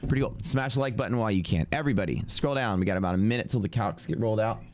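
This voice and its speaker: Stuffy and sniffly, a young day trader with a deep, low voice talks offhandedly and very fast through his live stream, muttering numbers to himself as he thinks aloud. Then he turns to chat with viewers in a relaxed, casual way, and there's a faint hiss or hum in the audio.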